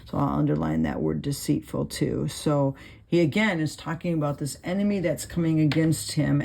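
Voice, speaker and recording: A woman's voice: low-pitched, dark tone. A woman hosting a Bible study channel, reading verses aloud and then explaining them casually, thinking aloud with many fillers as she writes notes.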